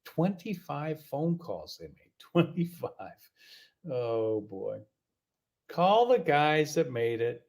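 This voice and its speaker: A man's voice: on the high side, sing-song, vocal fry, a little mellow. A man hosting a podcast in a casual, exasperated rant, repeating himself with many restarts. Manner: halting, many fillers and restarts. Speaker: podcast host.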